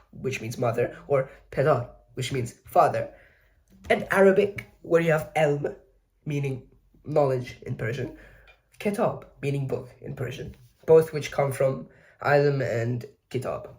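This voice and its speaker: A man with a voice on the high side and a darkish tone hosts a video essay. He explains educational material casually, adding chatty jokes at his own expense and often correcting himself mid-sentence.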